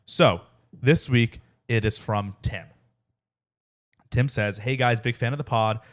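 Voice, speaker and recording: A man's voice: mid-range voice, takes it slowly. A young man co-hosting a casual podcast in an easygoing way, reading items aloud. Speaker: podcast co-host, son. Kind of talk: casual chat.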